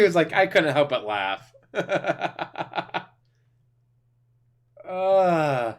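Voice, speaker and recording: A man's voice: fairly high pitch, animated, drawn-out words, pauses often. A man streaming casual reaction commentary, mocking and laughing as he tells stories and swears freely.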